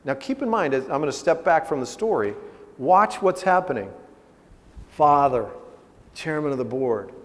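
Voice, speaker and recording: A man's voice: fairly high pitch, very animated, moderate pace, long pauses. A man, a family business consultant, tells a case story in a conversational lecture style, often checking in with his audience. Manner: conversational, checks in with "okay?" and "right?". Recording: reverberant hall.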